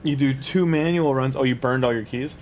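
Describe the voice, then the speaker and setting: A man's voice: medium pitch, fairly quick, a little mellow, slight background noise. A man casually commenting a live game stream in a chatty, rambling way, talking to his chat and laughing easily.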